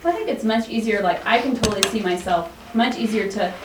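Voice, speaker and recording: A woman's voice: medium pitch, fast, noisy background. Female study group member, hesitant and thinking aloud; heard from a distance in a roomy space. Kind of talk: group Bible study discussion. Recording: roomy sound, away from mic.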